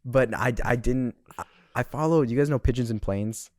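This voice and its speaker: A man's voice: medium pitch, normal speed, a little mellow, no echo, clean studio sound. A young man guesting on a podcast, telling stories in a rambling way full of "like" and "um". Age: young adult. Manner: rambling, filler-heavy storytelling. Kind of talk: casual chat.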